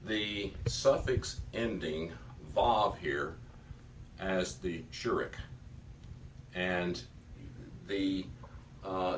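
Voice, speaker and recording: A man's voice: low voice, distant mic, slight background noise. A man teaching a Hebrew reading lesson to a class, explaining patiently with many fillers.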